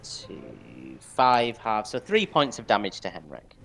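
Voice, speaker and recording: A man running a tabletop game as game master, relaxed and chuckling as he makes casual rulings. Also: medium pitch, takes it slowly, gravelly, soft background music.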